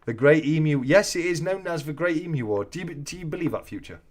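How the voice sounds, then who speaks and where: A man's voice: a little high, expressive, quick pace. A man hosting a casual live chat, joking and reading out viewer comments. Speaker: host of a coin-collecting live chat.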